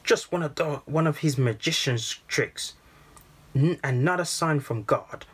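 Man reading, doing a sneery young guy, husky, stumbles over his words. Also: a little high, measured pace, a bit bright, pitched above the performer's own voice. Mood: scornful. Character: scornful young man, a doubter in the crowd.

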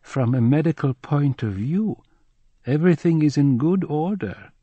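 A man voicing a calm male camp chief in an audiobook, speaking slowly and reassuringly. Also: on the high side, slightly rough, dry recording, highs cut off, pitched above the performer's own voice.

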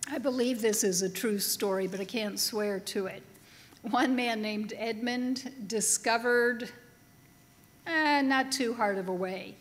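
A woman delivers a sermon at an unhurried, measured pace, her voice sitting a little high. She tells her stories with gentle humor. The sound carries the long reverb of a chapel hall. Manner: storytelling with humor, slow and deliberate. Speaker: pastor. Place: large chapel.

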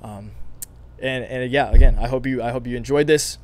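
Speaking with a medium pitch and a slightly mellow quality, this host of a stock market channel chats eagerly and informally with his viewers. His throat sounds scratchy, and his rapid, excited delivery is packed with fillers and frequent restarts.

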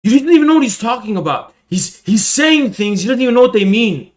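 A man reacting to a video in an angry, profane rant, taunting his target and swinging between shouting and low, menacing mutters. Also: sing-song, a little fast. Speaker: political streamer reacting to a video.

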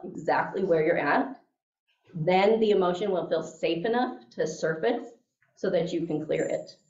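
A woman's voice: on the low side, a little mellow. A woman teaching a class, telling a story in a chatty way and often checking in with her listeners. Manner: chatty, keeps checking in with "okay?" and "right?". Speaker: class instructor. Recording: echoey room, mic at a distance, dull sound.

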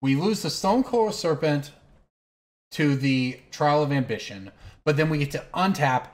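A man's voice: on the high side, unhurried. A man hosting a card game stream, telling a long anecdote between moves, rambling and correcting himself as he goes. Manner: rambling, self-correcting, animated storyteller. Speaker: host playing online card game. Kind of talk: casual storytelling while playing.

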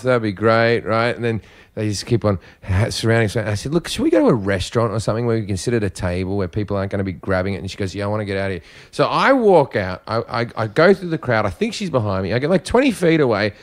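A man's voice: fairly low pitch, very fast. A man telling stories in casual, profane chat, acting out the voices of the people in them. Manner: profane, animated, acts out voices. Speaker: comedian guest.

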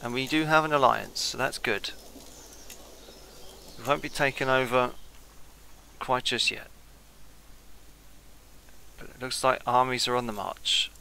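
Gravelly man musing over a strategy game. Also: medium pitch, fairly even intonation, measured pace, long pauses, pushed and bright, a little hiss or hum. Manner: musing, thinking aloud, trailing off. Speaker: gameplay commentator. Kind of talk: casual let's-play commentary.

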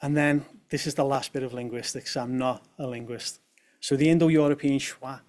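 A man's voice: mid-range voice, fairly even intonation, normal speed, darkish tone. A young man from presents a talk to an audience and drops in light humorous asides. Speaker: speaker at a talk on language.

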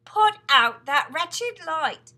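A woman reading aloud, voicing a bossy, grumpy male centipede in a storybook, loud and impatient. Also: medium pitch, animated, moderate pace, husky. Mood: shouting.

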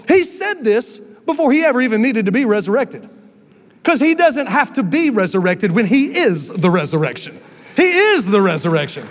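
A man, a pastor delivering an animated, emphatic sermon with quick asides. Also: high voice, big-room sound. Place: church sanctuary.

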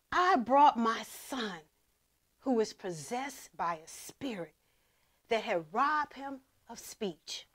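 Woman preaching in church, reads the bible real dramatic, slow and high. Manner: dramatic scripture reading, emphatic and preacherly. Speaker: pastor. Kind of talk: sermon reading scripture.

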